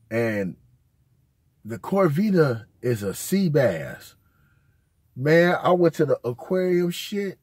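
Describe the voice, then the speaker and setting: A man's voice: a little high, a little mellow, husky, no echo, clean studio sound. A man, host of his own channel, telling casual, rambling, profane stories full of slang. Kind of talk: casual storytelling.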